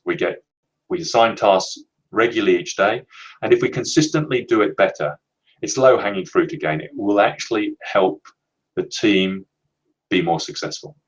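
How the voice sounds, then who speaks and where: A man presenting a leadership training webinar, explaining in a measured, emphatic way and slowing down to stress key words. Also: on the low side, low-quality recording.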